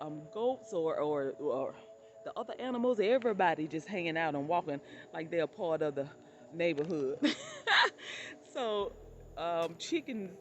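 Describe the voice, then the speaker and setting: A woman's voice: mid-range voice, a little mellow. A woman vlogger telling stories in a casual, chatty way, often calling her listeners "honey" and playing up quoted exclamations. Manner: acts out quoted exclamations with laughter. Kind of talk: casual storytelling.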